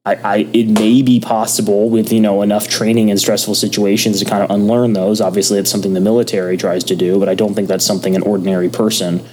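A man co-hosting a podcast, chatting casually and reading from a book, with a soft, thoughtful delivery and many pauses. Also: lowish voice, little pitch movement, a little hiss or hum. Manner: soft, drifting into a casual ASMR-like murmur; thoughtful, many ums and restarts. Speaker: podcast co-host.

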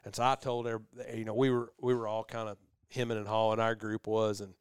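A man's voice: lowish voice, fast, smooth, dry recording, studio quality. A middle-aged man, hosting a podcast and telling a long rambling story in casual chat. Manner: rambling storyteller, animated voices for quoted people. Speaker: podcast host.

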